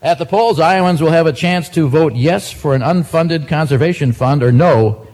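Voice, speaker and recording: A man's voice: on the high side, normal speed, darkish tone. A man doing a stand-up monologue of joke news headlines, dry and self-mocking between the punchlines. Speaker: comedian.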